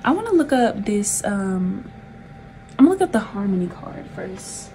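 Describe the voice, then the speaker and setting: A woman's voice: mid-range voice, very animated, normal speed, warm tone, a little hiss or hum, low-quality recording. Laid-back woman reading tarot. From Southern United States. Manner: chatty, laid-back, giggly, thinks aloud. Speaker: tarot reader.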